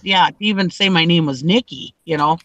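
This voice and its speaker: A woman hosting a casual online group chat, telling stories in an animated way and laughing often. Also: on the low side, fairly quick, lo-fi sound, slight background noise. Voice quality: animated storyteller, frequent laughs.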